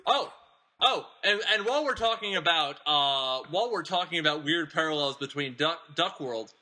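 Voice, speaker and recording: A man sits in as podcast host, chatting casually through a film recap. His voice is very bright and sits a little high. He wanders off on digressions, restarts his sentences and keeps chuckling through them. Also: expressive, normal speed. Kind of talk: casual chat.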